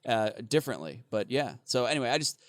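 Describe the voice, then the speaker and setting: A man's voice: mid-range voice, sing-song, fast talker, dry recording, clean studio sound. A man co-hosting a casual podcast, rambling, laughing and swearing freely. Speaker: podcast co-host.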